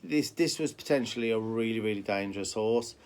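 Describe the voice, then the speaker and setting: A man from Birmingham with a softened Brummie accent, a horse trainer talking casually to camera and often repeating himself with fillers. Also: lowish voice, fairly quick, a little hiss or hum. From Birmingham, England. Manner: rambling, repeats words, many fillers. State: limping.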